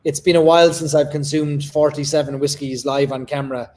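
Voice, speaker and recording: A man's voice: on the high side, fairly even intonation, a little fast, over a noisy crowd. Jovial Cork man hosting. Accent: Cork Irish. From Cork, Ireland. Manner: jovial, joking, a few stumbles. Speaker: host. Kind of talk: hosting a casual live online lock-in.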